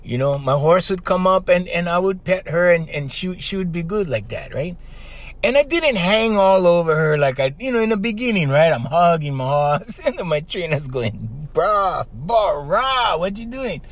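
With a high voice at normal speed, a middle-aged man hosts a podcast, telling stories in a lively, casual monologue. He often checks in with "right?", and his voice has a trained singer's strength.

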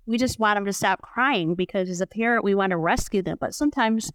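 Clear-voiced middle-aged woman, candid and reflective. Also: medium pitch, a little fast, dry recording. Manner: open, reflective, storytelling. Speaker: podcast guest. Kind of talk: candid conversational chat.

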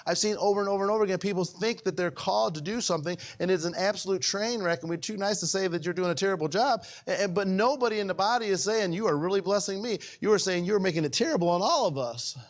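Pastor preaching, high voice, chatty, asks the crowd questions, loud then hushed. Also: male voice. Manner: conversational preaching with frequent questions to the congregation; wide swings between raised and hushed delivery. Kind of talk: sermon.

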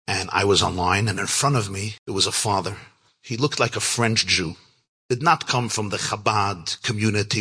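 A man telling a heartfelt personal story as a rabbi, his voice very bright with a husky, breathy edge. He speaks earnestly and reflectively, jumping up in pitch to act out the lines he quotes. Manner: animated, acts out quoted lines with big pitch jumps. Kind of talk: storytelling talk.

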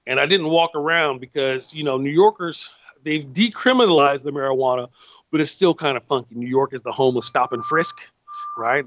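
A man's voice: mid-range voice, fairly bright tone, no echo, highs cut off. A man with a Californian Black American accent, hosting a podcast in a rambling, laid-back monologue that leans on "man" and "you know". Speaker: podcast host.

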